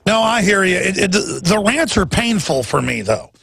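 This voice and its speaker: A man's voice: sits high, sing-song, normal speed, gravelly, a bit bright, breathy edge, dry recording. A man in his forties hosting a talk radio show, speaking intensely and emphatically and stumbling over repeated words when worked up. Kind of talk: impassioned talk radio monologue.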